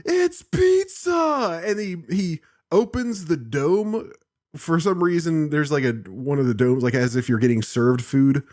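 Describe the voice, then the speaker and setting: A man's voice: on the high side, moderate pace. A man co-hosting a podcast, chatting casually about a cartoon and acting out quotes with frequent laughter. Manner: laughs often, acts out quotes with lively voices. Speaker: podcast co-host. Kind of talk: casual chat recapping a cartoon episode.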